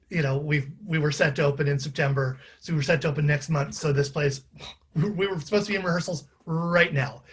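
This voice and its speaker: A chatty man speaking casually to a live audience, with self-deprecating asides and frequent fillers. His voice is husky and sits a little high for a man. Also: a bit bright. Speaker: author and playwright.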